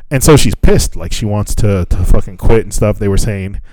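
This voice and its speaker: A man's voice: on the low side, expressive, moderate pace, mellow, dry recording. A man co-hosting a podcast in loose, casual chat, swearing freely and laughing often. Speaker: podcast co-host.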